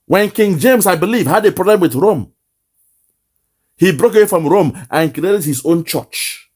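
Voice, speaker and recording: A man's voice: sits high, animated, a little slow, a little mellow. A man with a Nigerian accent giving impassioned political commentary, lamenting and repeating phrases for emphasis. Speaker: online commentator.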